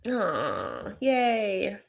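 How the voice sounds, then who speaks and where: A woman's voice: medium pitch, wildly swooping pitch, drawn-out words, creaky. A woman hosting a reality TV recap, chatting casually in a gossipy, rambling way full of fillers. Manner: gossipy, rambling, lots of "like" and "you know".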